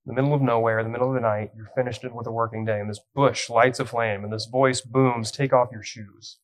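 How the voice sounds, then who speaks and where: A young youth pastor delivers a sermon in a mid-pitched voice. He tells the story with light humor and reads the scripture with dramatic weight. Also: little pitch movement, fast, low-quality recording.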